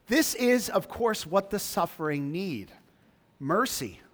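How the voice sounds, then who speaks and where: A man's voice: high-pitched, sing-song, slow pace, fairly bright tone. Man preaching in an echoing hall. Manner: emphatic preaching, rising when reading scripture. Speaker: pastor. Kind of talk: sermon. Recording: long reverb of a large hall.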